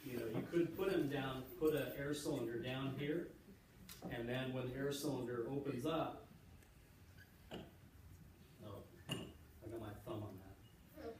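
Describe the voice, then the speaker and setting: Pausing often and speaking a bit slowly in a mid-range voice, a man who is an electrical engineer guides a children's class through explanations in a school library. His relaxed, patient delivery is full of fillers and restarts, heard from a distance in an echoey room over background noise.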